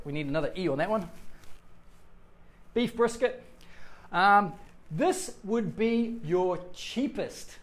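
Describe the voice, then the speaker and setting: A man in his forties from New Zealand, with a New Zealand accent, giving a casual livestreamed English lesson and reading out viewer comments. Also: high-pitched. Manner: chatty, reads out viewer comments. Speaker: English teacher.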